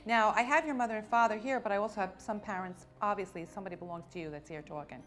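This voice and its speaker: A woman working as a spirit medium, giving readings to an audience in a warm, coaxing way and calling people honey and sweetheart. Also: mid-range voice, quick pace.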